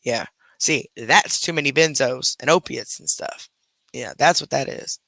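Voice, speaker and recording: A woman's voice: very deep voice, unhurried, a bit bright, no echo. A woman hosting a livestream, reacting defensively and with sass to a critic. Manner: defensive, sassy, chatty. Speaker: livestream host.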